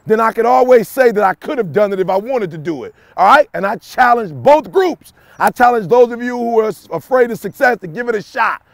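A young adult man giving a preachy, repetitive motivational talk to camera, swinging from shouts to low confiding tones. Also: gravelly, dry recording. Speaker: motivational speaker.

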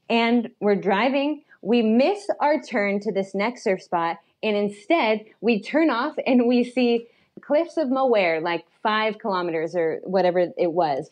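A woman's voice: mid-range voice, moderate pace. Chatty young woman telling a story. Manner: animated, chatty, many fillers and laughs. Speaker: podcast guest. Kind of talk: storytelling in a casual chat.

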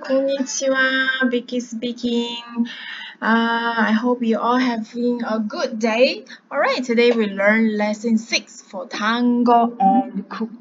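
A woman teaching an online language lesson. She talks patiently, repeats each word slowly, and often says "yeah" and "uh". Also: fairly high pitch, steady tone, dull audio, a little hiss or hum.

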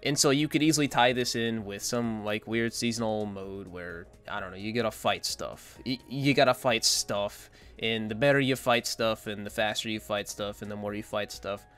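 A man's voice: on the low side, fairly bright tone, clean tone. A man giving casual, rambling opinion commentary as a gaming content creator, blunt and dismissive.

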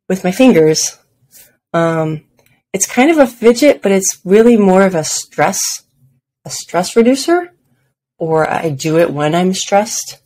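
A woman's voice: sits low, a little mellow. A woman hosting her own podcast, talking casually and self-deprecatingly about her daily habits, often laughing at herself. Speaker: podcast host. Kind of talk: casual solo podcast talk.

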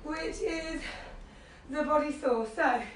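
Woman coaching a workout, out of breath, slow and encouraging, counting reps, super echoey and far off. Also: slight background noise. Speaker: fitness instructor. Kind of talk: live workout class instruction. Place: living room at home. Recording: very echoey room, distant, low-quality web stream.

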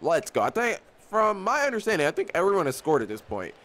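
A young gaming YouTuber gives casual live commentary on his own basketball video game in a high-pitched voice at a quick pace. He's excitable and often repeats himself while talking to the players on screen.

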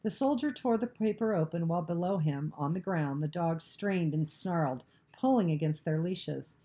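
A woman narrating a novel, reading aloud in a steady, even storytelling manner. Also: on the low side, normal speed.

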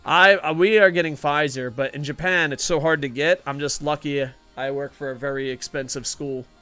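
A man's voice: fairly high pitch, fairly even intonation, normal speed, bright, forceful tone, faint music behind. A man live-streaming a football video game, talking casually and profanely while chatting with his viewers. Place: home streaming room in Japan.

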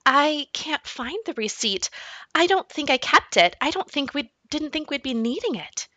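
A woman voicing an anxious, placating mother in a children's book read aloud, pitching up high and sounding nervous. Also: lively intonation, moderate pace, pushed and bright, dry recording. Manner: high, nervous and eager to smooth things over.

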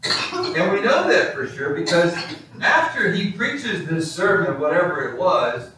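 A male pastor preaching a sermon in a church, animated and storytelling. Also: fairly high pitch, a little slow, a little hiss or hum. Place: church sanctuary. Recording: echoey hall, distant mic.

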